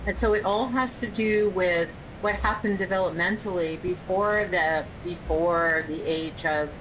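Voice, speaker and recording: Low-voiced woman over loud rumble. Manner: measured, lists terms one after another. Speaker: guest, energy healer and spiritual coach. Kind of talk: casual podcast interview.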